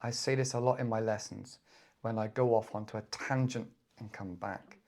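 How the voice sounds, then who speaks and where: A man with a British accent giving a casual vocabulary lesson, chatty and quick to act out short example voices. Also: fairly low pitch, fairly even intonation, a little mellow. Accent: British English. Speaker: English teacher.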